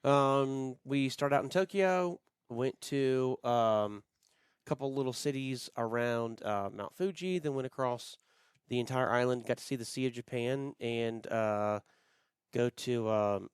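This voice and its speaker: A man's voice: medium pitch, measured pace, clear, resonant tone, no echo, studio quality. A middle-aged man co-hosting a podcast, telling travel stories in a casual, rambling way with lots of fillers. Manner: rambling, frequent fillers, friendly storytelling. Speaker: podcast co-host. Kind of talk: casual chat.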